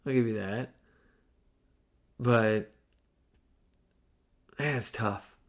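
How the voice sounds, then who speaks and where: Brief: man, podcast host answering listener questions; loose, rambling delivery, quick to laugh. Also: mid-range voice. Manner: rambling, laughs easily, breaks off mid-sentence. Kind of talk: casual podcast Q&A.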